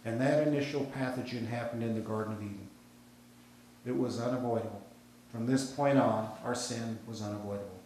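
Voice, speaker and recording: A male pastor with an American accent delivers a sermon in a relaxed, storytelling way, full of folksy asides. His voice sits at an ordinary middle pitch. The recording comes from a church sanctuary with a heavy, booming echo. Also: a little fast, slight background noise. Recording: very echoey church hall.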